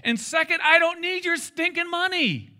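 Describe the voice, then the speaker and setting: A man putting on the voice of God as a stern, scolding father figure who is forceful and emphatic. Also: medium pitch, steady tone, quick pace, natural voice.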